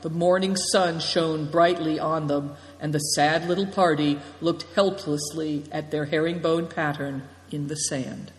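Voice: medium pitch, fairly even intonation, measured pace, hardly any pauses. Narrator reading in an echoey room. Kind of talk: audiobook narration. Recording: echoey room with long reverb.

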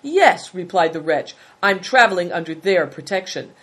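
A woman voicing a calm, sly male servant who speaks formally and deferentially, reading from a storybook. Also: fairly low pitch, moderate pace.

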